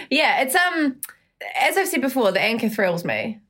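A woman's voice: on the high side, fairly bright tone. A woman co-hosting a casual podcast recap, laughing often as she talks. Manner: giggly, laughs often while talking. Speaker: podcast co-host.

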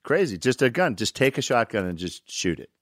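A podcast guest who is an actor, this older man tells stories briskly in a medium-pitched voice, cursing freely and animatedly voicing other people through shouts and impressions. The sound is clean studio audio with no room sound.

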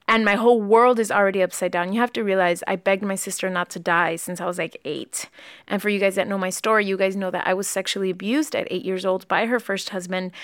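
A woman co-hosting a podcast shares her own story in a candid personal conversation, being openly emotional. Her voice is medium in pitch. The recording is dry, with studio quality.

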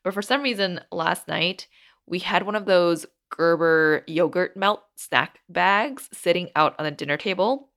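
A woman's voice: lowish voice, measured pace, a bit bright. A woman in her thirties hosting a podcast, chatting candidly and acting out her stories expressively. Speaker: podcast host. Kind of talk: candid casual chat.

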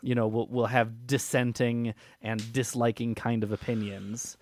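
A man's voice: mid-range voice, flat delivery, a little slow, darkish tone, dry recording. A man co-hosting a musical theatre podcast, talking in an opinionated, self-critical way in casual chat. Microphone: remote call.

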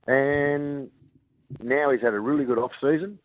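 An Australian man, a rugby league coach, talking haltingly with many fillers and restarts in a radio interview over the phone. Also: mid-range voice, no echo. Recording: tinny phone line.

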